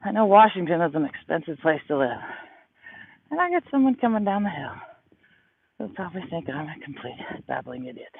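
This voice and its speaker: A man's voice: on the high side, big pitch swings, a little fast, creaky, breathy edge. A man in his thirties rambling through stories on a casual livestream while walking uphill outdoors, a little out of breath. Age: 30s. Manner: rambling, storytelling. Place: outdoors on a hillside. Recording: tinny phone-like sound.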